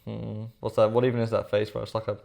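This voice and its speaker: A man's voice: lowish voice, level tone, fast talker, creaky, a little mellow. Sarcastic, swearing man reacting. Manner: sarcastic, profane, addresses viewers as bro. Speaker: reaction commentator. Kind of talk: casual reaction commentary.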